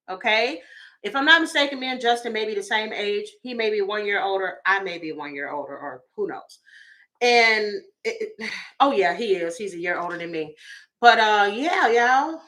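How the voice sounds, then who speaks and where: A woman's voice: a little high, bright, forceful tone. A woman, giving goofy, chatty celebrity gossip commentary as a tarot reader and calling her viewers y'all.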